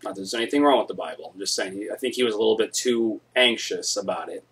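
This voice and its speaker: A man's voice: lowish voice, fast talker, fairly bright tone, breathy edge. A man hosting a live stream, telling a rambling, profane, jokey story to his viewers.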